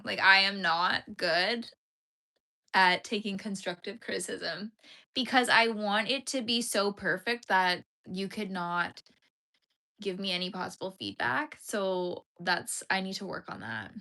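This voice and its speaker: Bright-voiced young woman chatting casually. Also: mid-range voice, measured pace. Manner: chatty, giggly, lots of "like" fillers. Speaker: livestream host. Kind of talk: casual livestream chat while crocheting.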